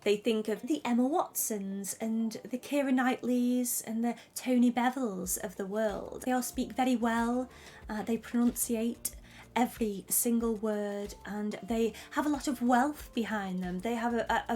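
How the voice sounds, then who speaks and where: A woman's voice: a little high, a little slow, darkish tone, soft background music. A woman with a northern English accent from around Manchester, chatting effusively to camera about a TV series and laughing often. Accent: northern English, Manchester area. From northern England. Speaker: YouTuber reviewing a TV series. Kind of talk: casual chat to camera.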